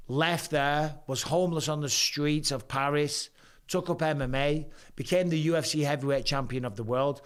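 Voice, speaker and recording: A man with an English accent in his forties, hosting a live reaction stream, talking bluntly and joking with plenty of swearing. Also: medium pitch. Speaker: host.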